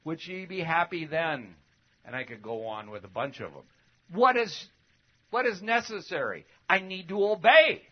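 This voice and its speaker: Animated preacher man, higher voice. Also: moderate pace. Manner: animated, swings from loud emphatic bursts to low asides; conversational, uses rhetorical questions. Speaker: preacher teaching a Bible lesson. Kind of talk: sermon. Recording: dull lo-fi recording.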